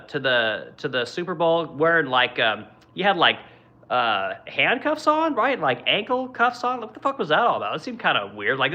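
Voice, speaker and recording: A man's voice: fairly high pitch, bright, forceful tone, dull audio. A man hosting a livestream, ranting in a blunt, profane way with lots of fillers and tag questions, reading viewer comments from his workshop. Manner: blunt, profane, rambling with many fillers and "right?". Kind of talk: casual political rant.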